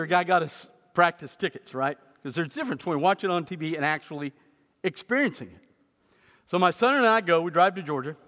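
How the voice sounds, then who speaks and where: A man preaches a sermon in a church, mixing humorous stories with earnest teaching. His voice sits fairly high and rings bright and forceful, with loud emphatic peaks. The sound carries a long reverb from the sanctuary. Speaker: pastor.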